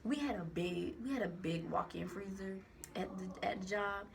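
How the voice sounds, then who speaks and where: A young woman tells a personal story into a phone camera in a casual storytime monologue, rambling and candid with plenty of profanity and slang. Her medium-pitched voice has vocal fry, moves at a moderate pace and sits over a noisy background.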